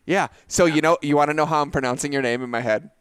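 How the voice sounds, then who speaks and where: Talkative guy hosting a podcast, smooth clear voice, dry close sound. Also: on the high side, fast talker, no echo. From Boston, USA. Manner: animated, chatty, tags sentences with "right?". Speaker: podcast host. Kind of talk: casual interview chat.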